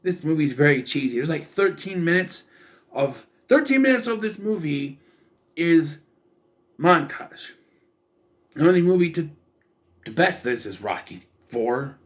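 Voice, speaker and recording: Young male film reviewer, a bit high-pitched, casual, incredulous and wry. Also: big pitch swings, unhurried, long pauses. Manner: sarcastic, incredulous, rambling with restarts. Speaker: movie reviewer.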